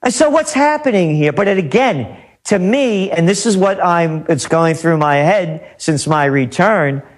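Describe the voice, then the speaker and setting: A man's voice: sits high, animated, measured pace. A man as a guest on a talk radio interview, ranting emphatically and repeating his points. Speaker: guest trend forecaster.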